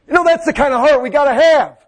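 A man preaching a fervent sermon, swinging between loud exhortation and low, hushed passages. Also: fast.

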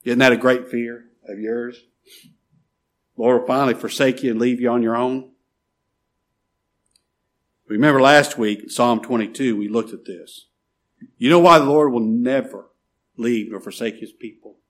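Husky-voiced man preaching a sermon. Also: medium pitch, moderate pace, long pauses. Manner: pleading, emphatic preaching with loud rises and soft drops. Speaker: pastor.

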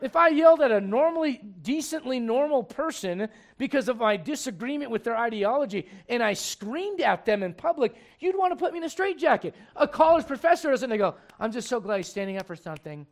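A man's voice: extremely high pitch, lively intonation, a little fast, hardly any pauses. A man preaching a sermon in an emphatic, conversational way, full of rhetorical questions.

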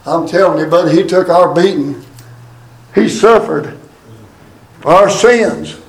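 Guy preaching a funeral, high voice, loud and fervent, booming echo from far off. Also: creaky. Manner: loud, fervent, drawn-out preaching with rising shouts. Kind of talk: funeral sermon. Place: church or funeral hall. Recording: echoey room from far off.

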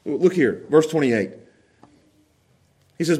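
A man preaching a sermon, animated, laughing often and repeating words as he goes. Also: sits high, normal speed. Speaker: pastor.

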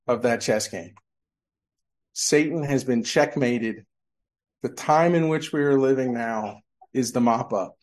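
A man's voice: medium pitch, a little mellow. A male pastor preaching a sermon, asking the congregation questions and answering them. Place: church sanctuary.

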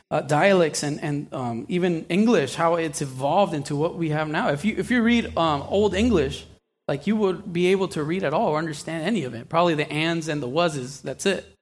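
A man's voice: on the high side, moderate pace. A man preaching a sermon in a conversational way, asking the listeners questions and acting out small asides, often restarting and repeating words.

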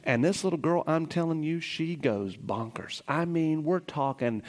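A middle-aged male preacher giving a sermon, shifting between slow, hushed scripture reading and lively, excited storytelling. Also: fairly high pitch, big-room sound. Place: church sanctuary.

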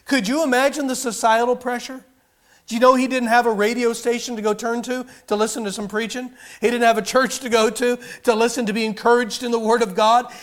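High-voiced man preaching a sermon. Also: flat delivery, fast talker, few pauses, fairly bright tone. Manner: earnest preaching with rising emphasis and many restarts. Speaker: pastor.

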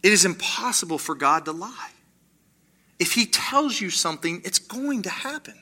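A man preaching a sermon, animated, acting out the voices he quotes and slowing to quiet emphasis on key lines. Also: breathy edge. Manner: animated, acts out quoted voices with rising pitch. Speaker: pastor.

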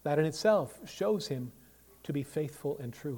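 A man's voice: a little high, lively intonation, normal speed, mellow, slightly rough. Emphatic male preacher in a reverberant church. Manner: emphatic, rises and falls sharply in volume, asks rhetorical questions. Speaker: pastor. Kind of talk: sermon. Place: church sanctuary. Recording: long reverb of a church hall.

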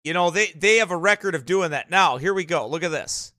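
A man with a rural American accent hosts a reaction video, exclaiming, repeating himself and preaching excitedly. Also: sits high, brisk, dry recording, studio quality. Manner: repeats phrases, exclaims, wonders aloud. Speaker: host reacting to a documentary.

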